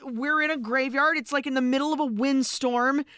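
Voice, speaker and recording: High bouncy woman podcast host walking through a movie, super dry close sound. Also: normal speed, no echo. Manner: animated, retelling scenes vividly. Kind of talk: casual chat recapping a film.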